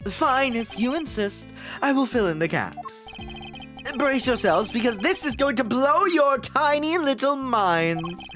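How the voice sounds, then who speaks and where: A woman's voice: high-pitched, big pitch swings, measured pace, a bit bright, soft background music, full character voice. Woman streamer voicing an arrogant young know-it-all, smug and sing-song. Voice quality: smug, mocking delivery.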